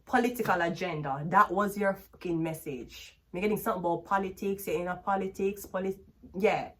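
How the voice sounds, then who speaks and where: A woman's voice: lowish voice, a little fast, a bit bright. Blunt, laughing Jamaican woman. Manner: blunt, profane, laughs often, patois-heavy storytelling. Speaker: tarot reader. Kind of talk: casual tarot reading with tangents.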